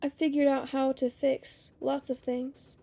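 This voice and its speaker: A woman reading as a hushed, tender mother. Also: sits high, level tone, a little slow, vocal fry. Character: tearful, gentle mother painting a wall.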